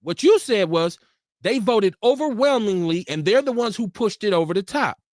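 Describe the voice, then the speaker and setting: A man's voice: high voice, lively intonation, moderate pace, no echo, studio quality. A man hosting a call-in radio stream, talking bluntly and arguing with callers and guests. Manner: blunt, argumentative, profane. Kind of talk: casual talk radio.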